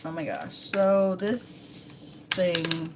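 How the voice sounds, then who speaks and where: A woman chats her way through a live stream at an unhurried, drawn-out pace, reading bits aloud and tossing in jokes. Her voice sits a bit low, and steady background noise runs under the recording. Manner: chatty, reads aloud and jokes along. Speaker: vlogger, live-stream host. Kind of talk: casual live-stream chat.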